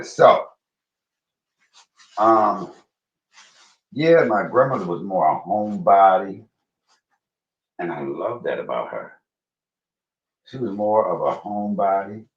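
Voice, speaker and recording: A man cooking at home on a livestream, chatting to viewers as y'all and breaking into high excited bursts. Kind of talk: casual livestream cooking chat. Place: home kitchen. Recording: roomy, dull livestream audio.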